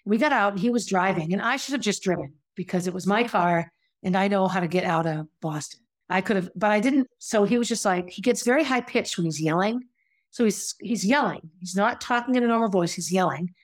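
Speaking a little fast at a medium pitch, a woman recounts her own experiences conversationally. It comes across as candid and confessional, full of reflection, restarted sentences and asides.

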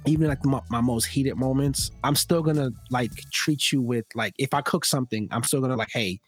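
A man hosting a casual talk podcast, telling stories and acting out loud quotes as he goes. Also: mid-range voice, fairly quick, husky, soft background music. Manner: animated storytelling with loud acted-out quotes. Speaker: podcast host. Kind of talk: casual conversation.

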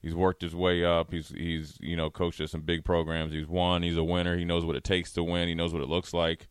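A man hosting a casual sports talk show, talking at length in a relaxed way with many fillers and restarts. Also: sits low, a little fast, clean tone, no echo, studio quality.

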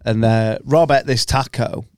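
A man's voice: mid-range voice, unhurried, clear, resonant tone, no room sound, clean studio sound. A man hosting a podcast, telling stories in casual, jokey banter. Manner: laddish, jokey storyteller. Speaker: podcast host.

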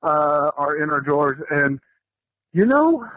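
A man's voice: on the high side, sing-song, unhurried, no room sound. A man who works in radio leaving a rambling, casual voicemail. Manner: rambling, self-interrupting. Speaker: radio worker, voicemail caller. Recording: dull lo-fi voicemail.

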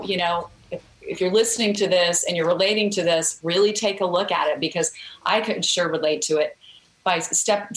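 A middle-aged woman speaking as a podcast guest, telling a story in an earnest way and often restarting her sentences. Her voice sits at a middle pitch and carries a roomy echo. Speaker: guest, author. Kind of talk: podcast interview chat.

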